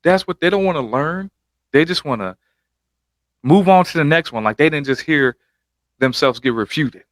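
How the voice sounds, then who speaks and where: A man's voice: a little high, expressive, moderate pace, no room sound. A man hosting a reaction video, giving casual commentary over clips with emphatic, hyping interjections.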